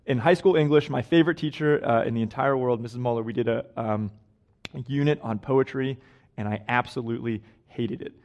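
A man's voice: mid-range voice, brisk, darkish tone. A young man preaching a casual, conversational sermon in a church, chatty and self-deprecating, often laughing at his own stories. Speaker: guest preacher. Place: church sanctuary.

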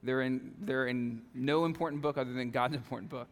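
A male pastor preaching a conversational sermon, animated, with frequent "okay?" and "right?" asides to the congregation. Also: mid-range voice, fairly quick, in a large hall. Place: church sanctuary.

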